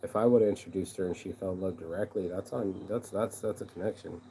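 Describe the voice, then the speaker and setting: Low-voiced man ranting profanely. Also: fairly quick, dark tone, a little hiss or hum, rough recording. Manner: profane, rambling, aggrieved. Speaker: vlogger and shirt designer. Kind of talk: casual venting monologue.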